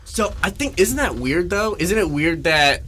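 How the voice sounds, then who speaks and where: A man in his twenties trading stories on a comedy podcast, lively and quick to laugh. His voice sits a little high and rings bright. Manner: animated, laughs a lot, acts out other people in loud voices. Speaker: podcast co-host. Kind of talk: casual comedic storytelling.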